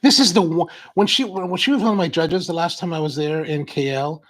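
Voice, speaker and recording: A man's voice: fairly high pitch, fairly quick, poor audio. A middle-aged man hosting a coffee channel, rambling casually through a live-stream chat while he unboxes a package. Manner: rambling, chatty storyteller.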